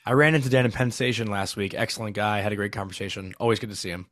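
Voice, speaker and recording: A man co-hosting a podcast in casual chat, rambling with lots of fillers and trailing off softly at the ends of thoughts. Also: on the low side, steady tone, rapid-fire, dry recording, clean studio sound. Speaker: podcast co-host.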